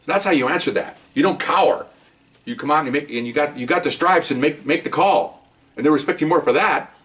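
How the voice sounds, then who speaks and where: A man's voice: on the high side, brisk, a bit bright, distant mic. An older man, a retired police officer, rambling through stories from his career and tagging many sentences with "okay?". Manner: rambling, many restarts, says "okay?" often. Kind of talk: casual storytelling monologue.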